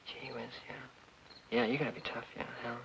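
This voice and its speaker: A man's voice: medium pitch, fairly even intonation, a little fast, background noise, natural voice. A man voicing a frustrated, grumbling everyman in a vintage cartoon, muttering under his breath. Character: grumbling middle-aged everyman, easily frustrated. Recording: dull old film soundtrack.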